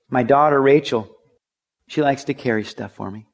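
A man's voice: medium pitch, normal speed, vocal fry. A middle-aged man preaching a sermon in a conversational way, telling stories and acting out the voices of the people in them. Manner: conversational preaching, acts out quoted voices, rises to urgent pleas. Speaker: pastor.

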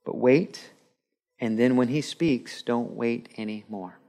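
A man preaching a sermon in a church, animated and laughing with the audience, acting out quotes. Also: medium pitch, slow. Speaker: pastor.

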